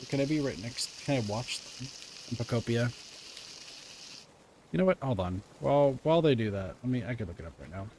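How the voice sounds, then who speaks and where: A man's voice: medium pitch, animated, fairly quick, pauses often, a little mellow, slight background noise. A man streaming a game, chatting to himself and talking to the creatures he catches. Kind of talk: casual gaming livestream.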